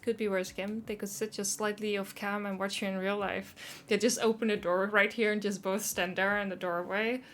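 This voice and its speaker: A woman's voice: medium pitch, level tone, moderate pace, few pauses. A woman streaming live, chatting casually and self-consciously while reading chat.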